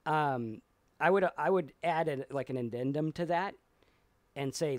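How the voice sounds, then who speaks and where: A man's voice: fairly high pitch, measured pace, darkish tone, no room sound. A man co-hosting a casual live talk, reading viewer comments and telling stories at length. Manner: rambling storyteller, acts out voices. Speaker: podcast co-host.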